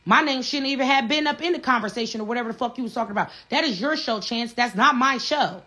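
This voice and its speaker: A woman's voice: a little high, fast talker, pushed and bright. A woman, a reality show cast member, ranting on a livestream in a blunt, profane way and repeating herself. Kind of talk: heated livestream rant.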